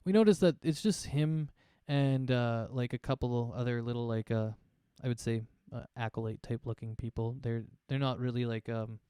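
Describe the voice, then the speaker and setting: A man acts as game master, narrating a tabletop game in a relaxed, rambling way with lots of fillers. His voice is mellow and smooth, and the sound is close and dry. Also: medium pitch, moderate pace, few pauses, no echo.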